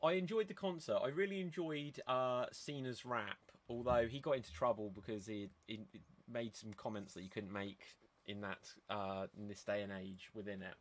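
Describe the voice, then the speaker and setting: A man's voice: on the low side, fairly even intonation, normal speed, few pauses. A man hosting a casual podcast, steering the talk with questions and hesitant fillers. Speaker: podcast host.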